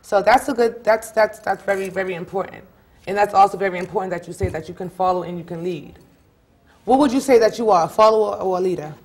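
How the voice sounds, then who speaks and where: A woman's voice: mid-range voice, fast, a little mellow. A woman hosts a casual talk show with an encouraging, questioning manner. She often circles back and repeats her words.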